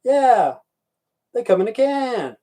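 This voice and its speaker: A man's voice: very high-pitched, sing-song, slow pace, dark tone. A man from Idaho hosting a live stream, chatting casually, swearing often and answering viewers' chat messages aloud. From Idaho, USA.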